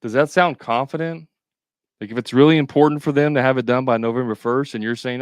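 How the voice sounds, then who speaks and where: A man's voice: medium pitch, fairly even intonation, fast, smooth, no room sound, studio quality. A man coaching contractors in a casual livestream, talking straight to viewers with joking asides.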